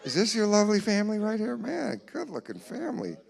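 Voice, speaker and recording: Brief: lively comedian working the room, pitch jumping around, faint hall ambience behind, teasing banter. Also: male voice, vocal fry, a little hiss or hum. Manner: teasing, quick banter with audience members. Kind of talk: live stand-up crowd work. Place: church hall with live audience.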